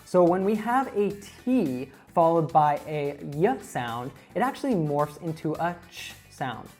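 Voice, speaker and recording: A woman presenting an online English lesson, explaining clearly and speaking directly to viewers. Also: sits low, sing-song, unhurried, darkish tone, faint music behind. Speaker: English teacher.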